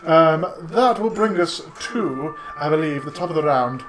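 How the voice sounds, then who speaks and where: Chatty male dungeon master, slightly high voice. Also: lively intonation, unhurried, a bit bright, slight background noise. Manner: chatty, with lots of fillers and laughs. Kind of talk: narrating a tabletop game.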